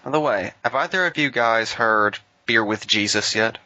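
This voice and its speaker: A man's voice: on the low side, normal speed, sharp tone, dry recording, lo-fi sound. A man co-hosting a casual podcast chat, making dry, wry quips. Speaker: podcast co-host.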